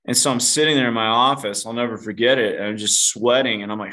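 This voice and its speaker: A man's voice: mid-range voice, fairly even intonation, quick pace, pushed and bright. A man guest on a podcast interview, telling a personal story candidly, mocking himself and swearing casually. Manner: self-deprecating, casual swearing; calls the host dude.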